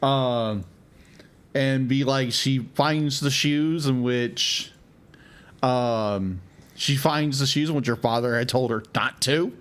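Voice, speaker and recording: A man's voice: mid-range voice, slow, fairly bright tone, clean tone. A man co-hosting a film podcast, talking casually and rambling, with many fillers and restarts. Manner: rambling, filler-heavy, repeats "be like" and "um". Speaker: podcast co-host. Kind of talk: casual chat.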